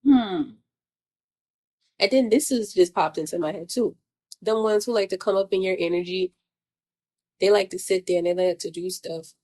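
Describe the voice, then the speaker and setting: A woman's voice: mid-range voice, moderate pace, pauses often, dark tone. A woman vlogger, venting in a blunt, profane monologue full of repeated rhetorical questions. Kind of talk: casual spiritual venting monologue.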